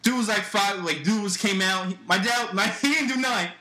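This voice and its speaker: A man's voice: sits high, brisk, pushed and bright, roomy sound, low-quality recording. A young man telling a story in a casual, profane way on a podcast, acting out other people's lines as he goes. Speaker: podcast host.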